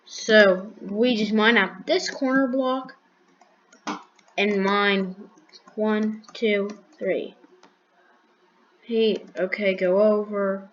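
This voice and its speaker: A woman's voice: medium pitch, steady tone, extremely slow, long pauses, muffled recording, slight background noise. A woman giving casual commentary while building in a block game, thinking aloud with restarts, counting blocks and making dry sarcastic jokes. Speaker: gaming video creator.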